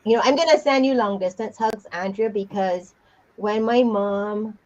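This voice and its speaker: A woman's voice: mid-range voice, normal speed, a little mellow, muffled recording. Emphatic woman co-hosting a live chat. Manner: emphatic, repeats key points for effect. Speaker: co-host of a live chat show. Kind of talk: casual live-stream chat.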